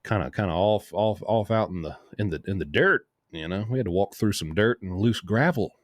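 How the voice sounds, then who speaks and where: A man's voice: on the low side, brisk, dry recording, clean studio sound. A man hosting a casual show, telling a long, rambling story with many asides. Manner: rambling, lively anecdote full of asides. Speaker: host.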